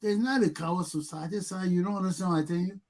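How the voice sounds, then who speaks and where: High-pitched Liberian man ranting. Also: fairly even intonation, quick pace. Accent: Liberian English. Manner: mocks people by mimicking their repeated yelling. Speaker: talk show host. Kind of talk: heated talk show commentary.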